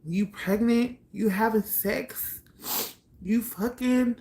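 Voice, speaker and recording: A woman's voice: fairly high pitch, slow, vocal fry, mellow, voice pushed up. A woman quoting her angry older brother, who fires off demanding, swearing questions in a raised voice.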